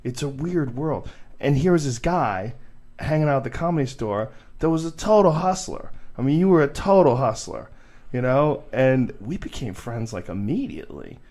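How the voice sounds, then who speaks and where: A man hosting a podcast, chatting casually and reminiscing in quick, animated bursts. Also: mid-range voice. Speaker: podcast host. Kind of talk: casual chat.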